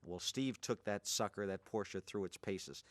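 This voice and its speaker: Older man telling a lively anecdote. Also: measured pace, dry recording. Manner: lively, animated, voices quotes at a much higher pitch. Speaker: martial arts instructor telling an anecdote. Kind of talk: storytelling, acting out quotes.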